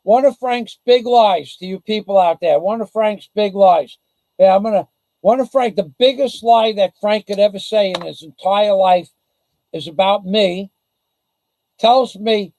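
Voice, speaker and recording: A man hosts a casual livestream, rambling bluntly and boasting as he talks. His voice sits high for a man yet sounds dark and gravelly, recorded dry and close. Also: dry recording, rough recording. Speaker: livestream host. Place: the Philippines.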